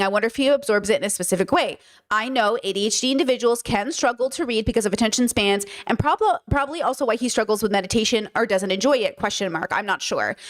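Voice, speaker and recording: A woman hosting a livestream, reading chat comments and responding in an emphatic, animated way, full of fillers like "you know what I mean". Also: a little high. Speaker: podcast host.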